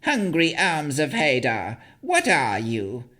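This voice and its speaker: A woman's voice: on the low side, wildly swooping pitch, slow, a bit bright, voice pushed up, full character voice. A male narrator voicing a mad, filthy female hag who pleads and shrieks in erratic, rambling bursts. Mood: ranting. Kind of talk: audiobook character voice.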